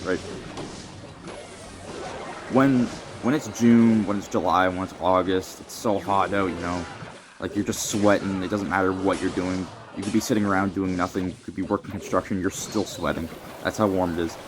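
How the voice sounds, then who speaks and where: A man's voice: low-pitched, fairly even intonation, normal speed, noisy background. Rambling young man ranting. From Canada. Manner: rambling, filler-heavy, mock-serious. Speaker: vlogger. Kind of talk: comedic rant addressed to the wind. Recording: music playing under the voice.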